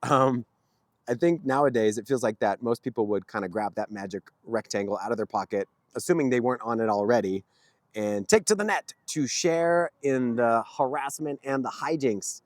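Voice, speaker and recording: A man's voice: mid-range voice, moderate pace, no echo, clean studio sound. A man vlogging outdoors near a street, telling a story casually in a rambling way with frequent chuckles. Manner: rambling, chuckling, with many fillers.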